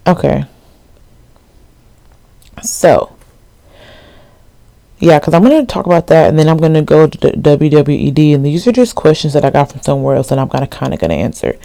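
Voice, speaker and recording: A woman's voice: sits low, expressive, moderate pace, gravelly, long pauses, mellow, no echo. Chatty young woman rambling casually. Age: 20s. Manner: rambling, slangy, full of asides and fillers. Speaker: podcast host. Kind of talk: casual solo chat.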